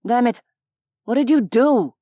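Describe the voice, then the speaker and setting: Angry desperate young man, as a woman narrator puts him on, loud and aggressive, dry close sound. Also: on the high side, a little slow, no echo, natural voice. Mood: angry yelling. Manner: shouting, aggressive.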